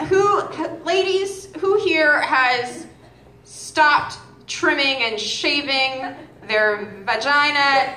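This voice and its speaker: High-voiced young woman doing stand-up. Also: slight background noise. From Massachusetts, outside Boston. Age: 20s. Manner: deadpan, with stammering restarts. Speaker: stand-up comedian opening act. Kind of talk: stand-up comedy set. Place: music hall stage. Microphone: stage microphone. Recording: echoey club recording with loud crowd. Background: audience laughing.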